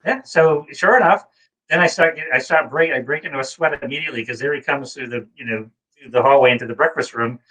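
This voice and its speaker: A man from New England tells stories in a casual chat, wandering through fillers and asides before getting to the point. His voice sits at an everyday middle pitch. He slips into high, excited voices whenever he acts out what someone said. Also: fast talker, poor audio. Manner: rambling storyteller, acts out quotes in a high voice. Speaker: co-host. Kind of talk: casual chat, anecdote telling.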